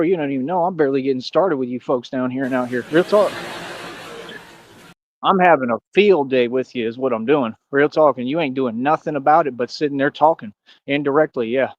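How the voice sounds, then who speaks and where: A young adult man, from Austin, delivering a boastful, taunting live-stream monologue full of slang and repeated catchphrases. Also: mid-range voice. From Austin, Texas.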